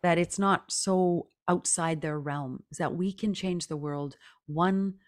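A woman's voice: lowish voice, takes it slowly. A middle-aged woman, a singer and podcast guest, talking earnestly and reflectively, often laughing. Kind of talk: casual interview talk.

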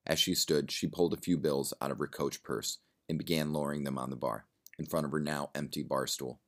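Very deep-voiced male story narrator. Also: fairly even intonation, fairly quick, a bit bright. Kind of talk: reading a story aloud.

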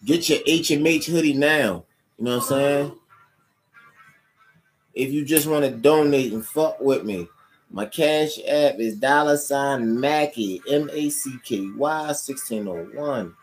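A woman with a remarkably deep voice holds forth in a loose, profane livestream ramble. She talks like a podcast host hanging out with the audience, full of street slang. Music plays clearly in the background. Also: unhurried. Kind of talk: casual livestream rant. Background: music playing.

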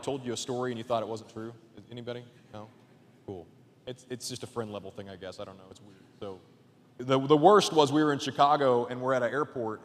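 A man preaching a sermon as a guest pastor in a church, casual and chatty, swinging between loud emphatic points and hushed asides. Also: mid-range voice, in a large hall. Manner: casual, chatty with fillers and jokes. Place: church auditorium.

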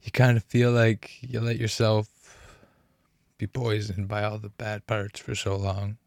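A deep, smooth-voiced young man hosts a podcast in a dry, close-sounding room. He speaks in halting, emotional bursts, swearing and restarting his sentences, often sighing between thoughts. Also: monotone, darkish tone, dry recording. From Canada. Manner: halting, profane, full of fillers and restarts. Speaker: podcast host. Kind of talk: candid emotional podcast talk.

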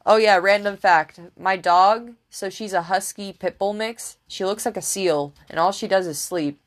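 A woman's voice: mid-range voice, moderate pace, a little hiss or hum. A young woman co-hosting a podcast in casual comedic chat, rambling easily as she shares random facts. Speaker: podcast co-host.

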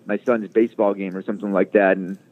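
Fast-talking man on a tinny line. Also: lowish voice, level tone. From Chicago area. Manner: rambling, lots of fillers and restarts. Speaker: guest, sports radio producer. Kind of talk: storytelling in a casual interview.

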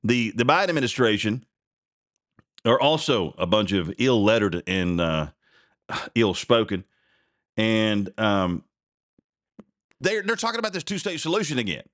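A man's voice: lowish voice, lively intonation, measured pace, long pauses, a bit bright, no echo, clean studio sound. A man hosting a podcast, reacting to a clip in rambling, fired-up casual commentary. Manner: rambling, fired-up, full of fillers. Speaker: podcast host.

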